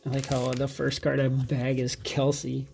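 A man's voice: medium pitch, monotone, a little slow, gravelly, darkish tone, faint music behind. A man hosting a card-collecting channel, chatting casually and naming cards as he flips them. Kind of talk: casual pack-opening chat.

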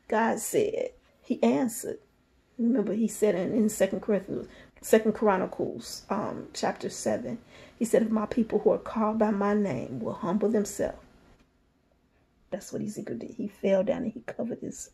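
A woman minister reading scripture aloud and preaching on it, moving between hushed passages and emphatic repetition. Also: medium pitch, normal speed, vocal fry, slightly rough. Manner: reads scripture then preaches freely, shifts from soft whispers to fervent emphasis.

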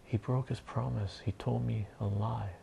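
A man's voice: mid-range voice, level tone, normal speed, creaky, dark tone, slight background noise. A man voicing a whiny young boy in a whispered role-play comic reading, sulky and complaining. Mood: whining. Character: whiny young boy denied a fishing trip.

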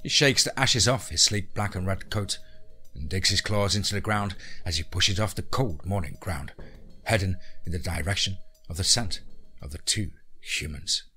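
A man hosting a podcast, narrating a horror story in a deliberate, hushed way. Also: sits low, slightly rough, faint music behind.

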